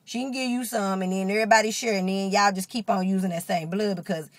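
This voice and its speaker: In a clean recording with no room sound, a medium-pitched woman talks quickly to the camera, telling a casual story. She's animated, curses a lot, and acts out the people she quotes.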